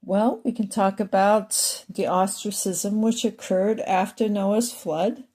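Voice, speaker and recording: A woman's voice: mid-range voice, steady tone, slow, mellow. Woman with a frog in her throat. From part Irish, part English ancestry. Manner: wandering, digressive, dry asides. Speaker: spiritual talk host. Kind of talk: rambling monologue.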